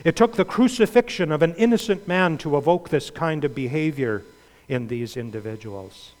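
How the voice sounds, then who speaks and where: Male preacher, fairly high voice, passionate sermon delivery with pleading prayers, long hall reverb. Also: normal speed. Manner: impassioned, rising to loud pleading prayers then dropping low; asks the congregation questions.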